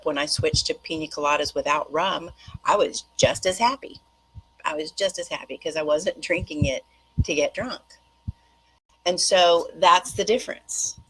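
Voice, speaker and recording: A middle-aged woman hosting a casual monologue for her viewers, chatty and rambling, jumping between tangents and talking fast. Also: low-pitched, a bit bright, breathy edge, poor audio. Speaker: host.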